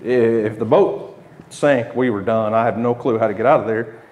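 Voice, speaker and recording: A man's voice: mid-range voice, normal speed, highs cut off. A man in his thirties with an Oklahoma accent, telling a casual, rambling story to the camera with restarts and chuckles. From United States. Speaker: homesteading channel host.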